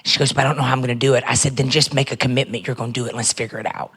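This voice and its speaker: A pastor telling a story at a church seminar in an animated way, acting out the quoted lines. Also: mid-range voice, very fast, husky.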